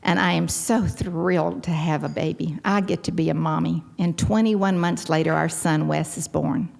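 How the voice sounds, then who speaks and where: A woman's voice: low-pitched, moderate pace, creaky. An older woman from Texas with a Texan accent, giving a personal testimony at a recovery gathering and acting out the quotes in her story. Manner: animated storyteller, acts out quotes. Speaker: recovery meeting speaker. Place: large hall.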